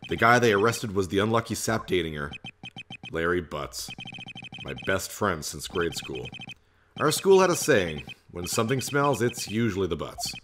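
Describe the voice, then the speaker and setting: A man's voice: on the low side, fairly bright tone, slight background noise. A man voicing a young male defense lawyer in a game, reading in a dry, wry way.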